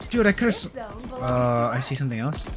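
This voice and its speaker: A young man giving casual, slangy gameplay commentary, swinging between mumbles and loud excited outbursts. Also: mid-range voice, moderate pace, soft background music. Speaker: gamer. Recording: game gunfire loud behind voice.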